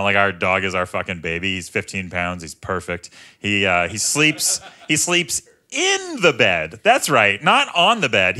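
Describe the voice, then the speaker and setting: A man in his thirties doing a stand-up comedy set, chatting in a self-mocking way, tagging jokes with "right?" and leaping into loud voices for punchlines. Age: 30s. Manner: conversational, self-mocking, often tags lines with "right?"; jumps into loud high character voices for punchlines. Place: comedy club stage.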